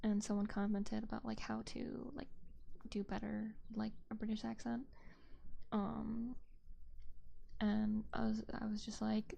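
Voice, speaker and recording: A young woman streamer chatting softly into a binaural mic, a rambling, whispered casual chat full of fillers. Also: mid-range voice, completely flat delivery, unhurried, gravelly, long pauses. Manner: soft, rambling, with frequent fillers and light laughs. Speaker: VTuber ASMR streamer. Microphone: binaural dummy-head mic.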